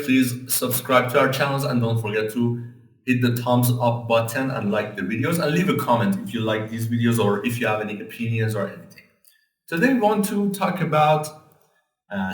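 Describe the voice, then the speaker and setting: A man teaching an English lesson, patiently explaining grammar and pronunciation step by step. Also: medium pitch. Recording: echoey room, mic at a distance.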